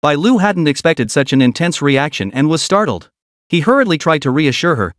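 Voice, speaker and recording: A man narrating a comic story recap in a brisk storytelling manner. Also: a little high, sing-song, no echo, clean studio sound.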